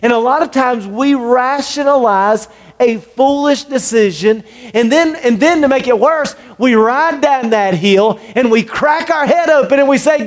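A male pastor delivering a sermon in an earnest voice that sits high for a man. He acts out the quoted lines of the people he talks about, and his voice carries a long reverb from the big room. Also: unhurried.

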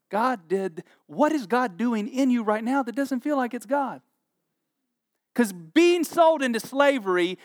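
An extremely high-pitched male voice, recorded at studio quality without room sound, belongs to a pastor in his forties. Preaching animatedly, he jokes through scripture stories and performs the characters' voices.

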